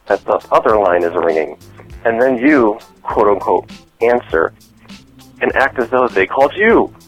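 A man's voice: fairly low pitch, sing-song, moderate pace, soft background music, low-quality recording. A man leaving a call-in message for a podcast and earnestly walking through an idea step by step. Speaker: caller. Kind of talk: phone-in message.

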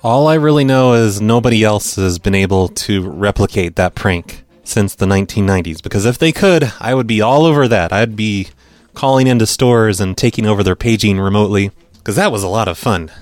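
A man's voice: on the low side, brisk, no room sound, soft background music. Dry, sarcastic middle-aged male host. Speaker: podcast host. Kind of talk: casual chat reacting to voicemails.

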